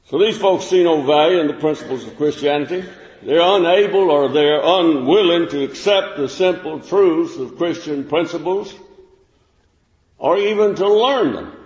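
A man preaching a sermon in a folksy, unhurried way, with fillers and restarts. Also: a little high, darkish tone. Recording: echoey room with long reverb, dull lo-fi sound.

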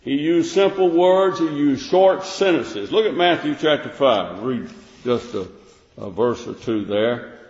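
A man's voice: medium pitch, a little slow, a little mellow. A man preaching a sermon in plain, repetitive speech, reading King James verses aloud. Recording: echoey hall, dull lo-fi sound.

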